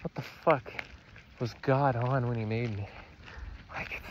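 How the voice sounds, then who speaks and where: A young male vlogger with a mid-range voice walks outdoors talking to camera, speaking slowly with fairly even intonation. His rambling, confessional talk is self-deprecating and full of swearing, and the muffled recording carries loud ambient noise.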